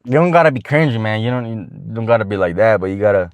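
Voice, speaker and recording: A man's voice: lowish voice, fast talker, no room sound. A man giving casual dating advice to the camera, talking in slang and swearing freely as he rambles along with restarts.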